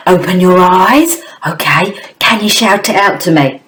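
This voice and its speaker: A woman's voice: on the low side, expressive, unhurried, fairly bright tone, low-quality recording. A woman teacher giving a phonics lesson to young children, in an exaggerated, coaxing sing-song. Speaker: primary school teacher.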